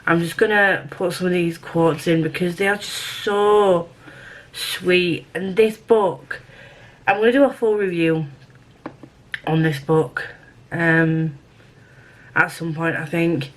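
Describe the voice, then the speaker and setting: A woman's voice: on the low side, fairly even intonation, slow, pauses often, rough recording. Chatty British woman reviewing books. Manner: chatty, self-deprecating, rambling with restarts. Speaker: book reviewer. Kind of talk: casual book review vlog.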